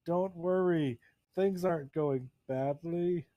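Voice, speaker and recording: Slow, halting male game master. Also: on the high side, dry recording, narrow, tinny audio. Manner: slow, halting, many fillers. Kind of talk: narrating a tabletop game.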